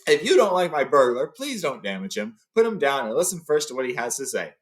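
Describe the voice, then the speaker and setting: A man's voice: medium pitch, big pitch swings, brisk, lightly acted. A man voicing a stern, commanding old male wizard in a story reading.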